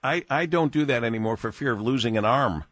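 A male radio host interviewing a guest, lively and joking. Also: mid-range voice, brisk, no echo.

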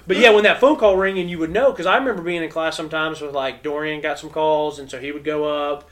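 A man's voice: a little high, fast, fairly bright tone. A man hosting a casual sports chat, rambling and filler-heavy as he talks. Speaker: podcast host.

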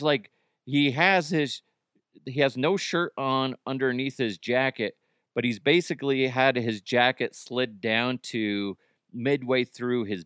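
A man's voice: medium pitch, a bit bright, no room sound, studio quality. A man hosting a podcast in a rambling, jokey comedic monologue, laughing often. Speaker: podcast host.

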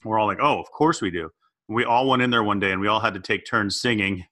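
Bright-voiced man telling animated stories. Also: fast. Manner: animated storyteller, jumps up in pitch for quoted voices. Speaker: podcast co-host. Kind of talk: casual comedic chat.

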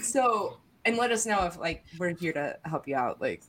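A young woman with a slightly low voice hosts a sports podcast in a relaxed, chatty way. She breaks into quick asides and laughs often. Her voice comes through a remote call mic. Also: slight background noise. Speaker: podcast host. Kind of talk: casual sports chat.

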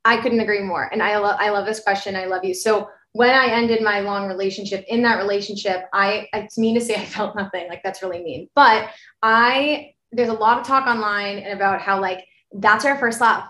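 A woman's voice: medium pitch, moderate pace, bright, forceful tone. Podcast co-host, woman in her 20s, rambly and self-apologizing, echoey home room. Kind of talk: casual chat. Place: apartment bedroom, from the US.

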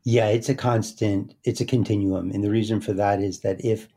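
A man speaking as an interview guest in a slow, meditative way, often trailing into soft, quiet chanting. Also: fairly low pitch, fairly even intonation. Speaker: guest, speaker and success coach. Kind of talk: casual interview talk.

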